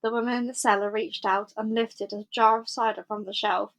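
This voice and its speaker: A woman reading a children's book aloud, telling the story in a clear, measured way. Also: mid-range voice, fairly even intonation, a bit bright, rough recording. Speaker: storybook reader.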